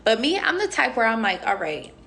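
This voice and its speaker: Her pitch swings widely in a slightly high, gravelly, sharp voice, and she talks a little fast. The young woman, a reality show contestant, chats on a phone livestream, playfully rambling through viewer comments with frequent "um" and "like."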